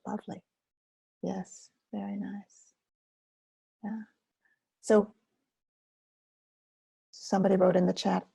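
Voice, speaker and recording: An older woman hosting a self-care webinar, speaking softly and slowly in a soothing way and sometimes dropping to a whisper. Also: mid-range voice, little pitch movement, vocal fry, breathy edge, highs cut off. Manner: soft, slow and soothing, drops to a whisper. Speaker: webinar host and Focusing teacher.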